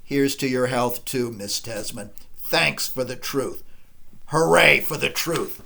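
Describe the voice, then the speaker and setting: Man playing a hurt young writer, low and sarcastic, bitter edge. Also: slow pace, vocal fry, pushed and bright, slight background noise, heavily acted.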